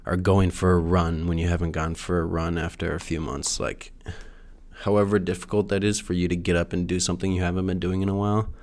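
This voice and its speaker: A man's voice: sits low, level tone, a little fast, darkish tone. A young man talking alone in a casual, rambling monologue, full of restarts and fillers and the odd swear word. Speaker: solo podcaster. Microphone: no camera, audio only.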